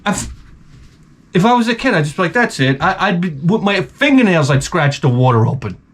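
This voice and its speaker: A man's voice: high-pitched, very animated, a little fast, slightly rough. A man giving blunt, profane advice in a rambling comedic rant, a little tipsy from beer. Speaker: advice vlogger answering viewer questions.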